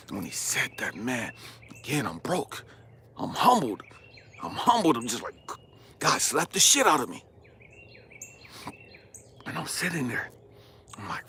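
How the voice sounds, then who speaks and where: A man who works as a life coach, telling an emotional personal story with passion. He swings between hushed and loud delivery and swears freely. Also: medium pitch, wildly swooping pitch, measured pace, long pauses, slight background noise.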